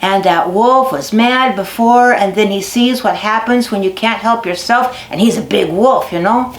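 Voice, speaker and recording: A woman telling animal folk tales to children, lively and dramatic, stretching words for effect. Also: mid-range voice, moderate pace. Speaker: storyteller. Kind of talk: storytelling to children. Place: basket making barn. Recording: echoey barn recording.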